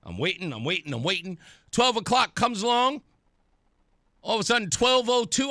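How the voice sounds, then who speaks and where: A man's voice: high-pitched, moderate pace, long pauses, no echo, clean studio sound. A man hosting a talk radio show, delivering an opinionated, mocking monologue and acting out other people's voices. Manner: animated, mocking, acts out voices.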